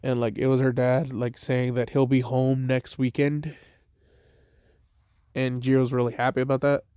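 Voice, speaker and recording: A man's voice: mid-range voice, flat delivery, moderate pace, dark tone, clean tone, no room sound, studio quality. A young man casually retelling a made-up fan story, rambling with lots of filler words. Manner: rambling, heavy "like" and "type shit" fillers.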